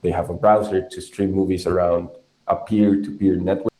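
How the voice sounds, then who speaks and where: In an echoey room, a male podcast host from Colombia interviews a guest with frequent hesitant fillers, speaking with a Colombian Spanish accent as a native Spanish speaker. His low-pitched, mellow voice has a flat delivery and moderate pace.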